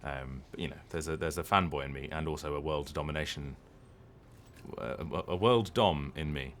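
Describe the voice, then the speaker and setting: Very deep-voiced man chatting casually. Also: normal speed, fairly bright tone, slight background noise. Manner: rambling, hesitant, many ums and restarts. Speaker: voice actor streaming a game. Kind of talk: casual live-stream chat.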